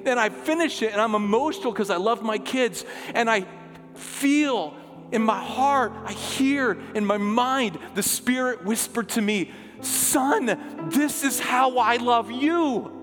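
A middle-aged pastor preaching a passionate, emphatic sermon in a church, now and then dropping to a soft, hushed delivery. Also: male voice, high voice, a little slow. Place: church sanctuary. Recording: long hall reverb, music underneath. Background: music.

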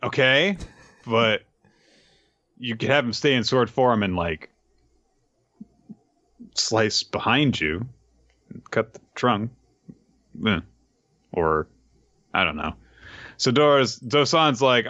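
A man's voice: mid-range voice, slow pace, long pauses, dry recording, highs cut off. A man co-hosting a podcast, casually recapping a manga chapter with lots of fillers and asides. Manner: animated, rambling, lots of fillers. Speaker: podcast co-host.

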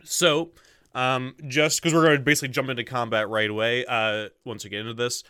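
A man's voice: mid-range voice, steady tone, a little fast, sharp tone, clear, resonant tone, no room sound, clean studio sound. A man running a tabletop role-playing game as game master, describing the scene and rules with many fillers and asides to himself. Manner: many fillers, mutters to himself while setting things up.

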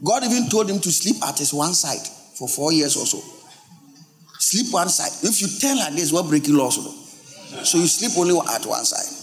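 A male pastor, preaching a lively sermon and asking his congregation questions. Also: on the high side, normal speed, soft background music. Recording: long hall reverb.

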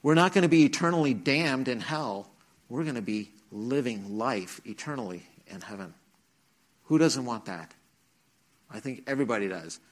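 An expressive, medium-pitched male voice moves at a moderate pace as a middle-aged youth speaker preaches to teens. He shares his testimony earnestly in story form and performs the quotes.

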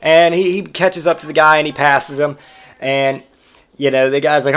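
A man's voice: a little high, flat delivery, fairly quick, a bit bright. A father telling crude, jokey anecdotes in a rambling, casual storytelling monologue.

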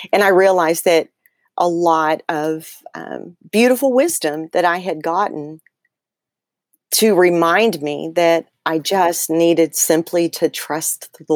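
A woman with a lower voice talks through a personal story as an interview guest. She is animated and keeps restarting her sentences with ums and likes. The recording is close and dry. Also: dry recording. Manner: animated retelling with many fillers and restarts. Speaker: guest author.

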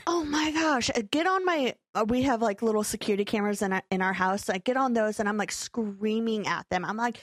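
A young woman chats on a podcast, spinning an animated story and acting out every quote. Her voice sits a little high, and the sound is close and dry. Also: brisk, few pauses, no echo. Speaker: podcast co-host. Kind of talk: casual chat.

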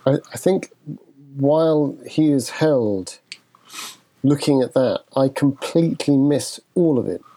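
A man's voice: medium pitch, takes it slowly, dark tone. A man playing in a tabletop game, describing his character's actions with wry storytelling. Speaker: player. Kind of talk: in-character tabletop role-play.

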